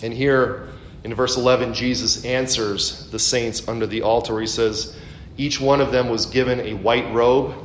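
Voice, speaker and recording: A man's voice: fairly even intonation, normal speed. A man preaching a conversational expository sermon, full of asides and rhetorical questions. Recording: echoey room, faint background rumble.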